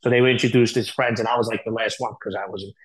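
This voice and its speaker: Man, podcast guest, rapid-fire talk, blunt and profane, filler-heavy storytelling. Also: lowish voice, fairly even intonation, low-quality recording. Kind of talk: candid storytelling interview.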